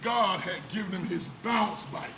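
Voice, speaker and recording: High gravelly preacher man, echoey church. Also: lively intonation, moderate pace. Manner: dramatic preaching with rhetorical questions and repetition. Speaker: pastor. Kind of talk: sermon. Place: church sanctuary. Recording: echoey church room with background noise.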